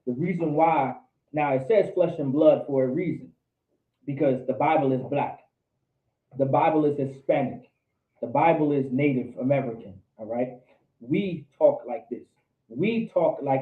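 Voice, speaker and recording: Heard through a tinny, echoey lo-fi recording, a man with a mid-range voice leads a Bible class in an indoor meeting room at a moderate pace. He quizzes the class and drives home key points by repeating them.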